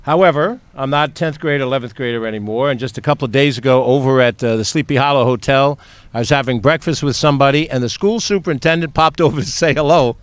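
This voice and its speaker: A man speaking as a public official at a ceremony, telling a chatty story before handing over the microphone. He hesitates often with small fillers. The sound is dry, with a mid-range pitch. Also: fast, clear, resonant tone, no echo. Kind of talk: ceremony speech.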